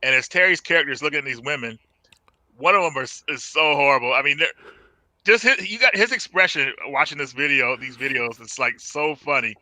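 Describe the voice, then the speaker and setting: A man with a very bright, forward voice joins a casual horror movie chat as guest, walking through scenes in a relaxed, plain way. The sound is dry and close. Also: on the high side, brisk, no echo, rough recording. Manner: relaxed, describes scenes plainly, quiet back-channel replies. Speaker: guest co-host.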